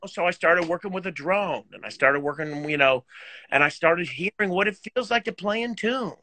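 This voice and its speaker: A middle-aged man tells stories over a video call, his high voice leaping all over and slightly husky. He is animated and self-deprecating, laughing often, and the sound is dry and close. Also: moderate pace, dry recording. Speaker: guest musician and teacher. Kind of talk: casual chat, storytelling.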